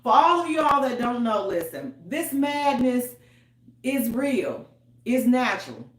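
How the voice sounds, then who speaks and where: A woman hosting a radio talk show, chatting casually and loudly with her listeners. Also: fairly high pitch, measured pace. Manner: chatty, loud and animated, with African American Vernacular English. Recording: roomy echo.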